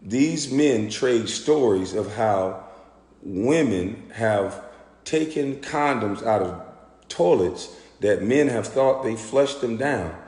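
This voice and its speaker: A former pro basketball player telling a story in an animated, profane, indignant rant. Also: male voice, on the low side. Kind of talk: ranting storytelling monologue. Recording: echoey room with long reverb.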